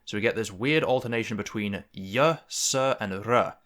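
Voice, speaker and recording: A man's voice: on the low side, normal speed, a bit bright. A young man explaining and thinking aloud in a tutorial, musing and correcting himself as he goes. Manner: musing, self-correcting, precise about sounds. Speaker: conlang creator.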